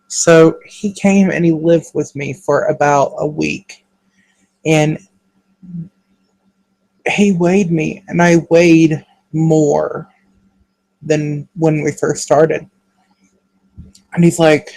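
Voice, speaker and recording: A man talking in an earnest, halting, emotional way in a confessional vlog monologue, speaking to a webcam. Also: a little high, steady tone, gravelly, a little mellow, rough recording. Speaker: vlogger.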